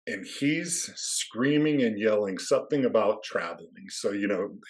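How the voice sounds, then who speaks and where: A man with a fairly low voice, an athletic administrator, tells a story as a podcast guest. He keeps it dry and understated and lets the details carry the humor.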